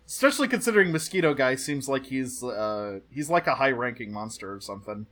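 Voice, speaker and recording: A man's voice: mid-range voice, lively intonation, a little fast, fairly bright tone. Joking man in casual recap chat. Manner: chatty, joking, laughs often. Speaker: podcast co-host.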